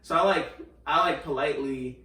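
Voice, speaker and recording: A man's voice: mid-range voice, brisk, recorded from a distance. A man hosting a podcast, telling a story in casual chat, acting out the quotes with lots of fillers. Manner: animated storyteller, acts out quotes, many fillers. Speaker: podcast host. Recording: roomy sound, a little off mic.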